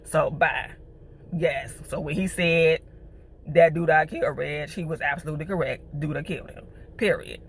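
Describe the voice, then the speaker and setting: A woman recapping a TV episode in a chatty, animated way, full of slang. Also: low-pitched, normal speed, slight background noise. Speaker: TV show reviewer.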